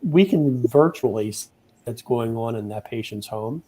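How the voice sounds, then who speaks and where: Man explaining in a mellow voice. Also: mid-range voice, expressive, a little slow, breathy edge. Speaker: healthcare guest. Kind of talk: casual conversation.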